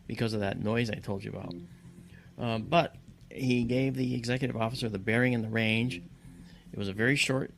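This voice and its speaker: A man tells a personal story with a gravelly edge in his voice. He slows down and restarts often, and his pitch jumps up whenever he acts out someone's lines. The telling is dramatic and personal. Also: slight background noise. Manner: acts out voices in quotes, halting with fillers.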